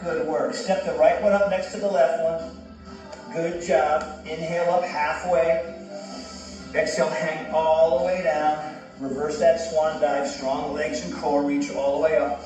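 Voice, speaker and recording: A man's voice: on the high side, flat delivery, unhurried. Casual man guiding yoga, echoey room. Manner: casual, encouraging, self-joking. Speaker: yoga instructor. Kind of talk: guided yoga instruction. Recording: echoey room, distant mic, soft music.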